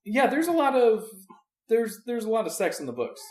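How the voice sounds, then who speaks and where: A man's voice: very high voice, very animated, moderate pace, a little mellow, roomy sound. A man, a preacher hosting a podcast, chatting casually and rambling as he hunts for words with many restarts. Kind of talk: casual chat.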